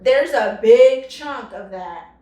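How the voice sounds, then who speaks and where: High-voiced blunt woman in her thirties. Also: lively intonation, slow pace, warm tone, echoey room. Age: 30s. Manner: blunt, slangy, profane. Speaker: podcast co-host. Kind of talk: casual comedic chat.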